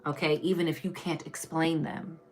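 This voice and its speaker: A woman giving a casual spiritual tarot reading on a live stream, chatty and preachy, calling her listeners baby and y'all, swinging from loud emphatic bursts to low murmurs. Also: little pitch movement, normal speed. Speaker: tarot reader.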